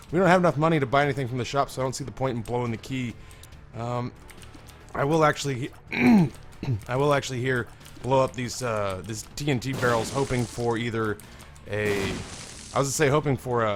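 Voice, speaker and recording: A hoarse young man hosting a let's play, commentating in a rambling, candid way and swearing freely. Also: medium pitch. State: hoarse, strained voice. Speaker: gaming video host.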